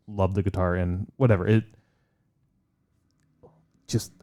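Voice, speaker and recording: A man's voice: low-pitched, fairly even intonation, takes it slowly, mellow. A man co-hosting a podcast in casual chat, enthusiastic and swearing freely. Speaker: podcast co-host.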